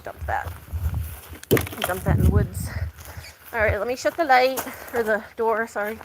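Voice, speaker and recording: A woman's voice: a little high, unhurried, very noisy. A woman chatting casually in a vlog while caring for her farm animals, talking sweetly to them. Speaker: animal vlogger.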